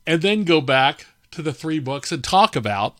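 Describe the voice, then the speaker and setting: Male podcast host, fairly high voice, casual storyteller, dry close recording. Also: normal speed, dry recording. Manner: relaxed, chatty, with frequent fillers.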